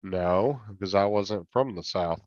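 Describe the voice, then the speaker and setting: Lower-pitched guy, argues his point at length, dull dry audio. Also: slow, darkish tone, dry recording. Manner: argumentative, explains at length. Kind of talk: casual livestream chat.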